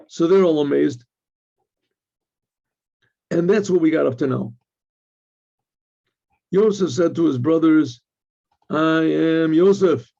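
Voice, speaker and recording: A man giving an informal Torah lesson, retelling the story with lively quoted lines and clearing his throat often. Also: on the high side, slow, long pauses. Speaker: rabbi teaching Torah. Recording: dull lo-fi recording.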